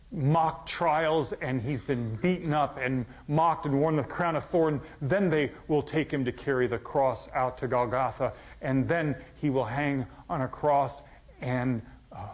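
Male pastor, sermon delivery, dramatic loud-to-whisper swings, muffled lo-fi sound. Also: mid-range voice. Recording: dull, lo-fi sound.

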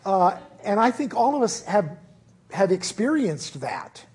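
A man's voice: high voice, very animated, a little slow, darkish tone, slightly rough. A man preaching a conversational sermon as pastor at a church service, earnest and informal with frequent restarts.

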